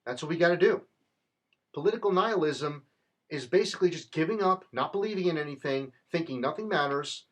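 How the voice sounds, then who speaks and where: A man delivering an impassioned, rallying political monologue in a fervent, rhetorical manner. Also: fairly high pitch. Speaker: political commentator.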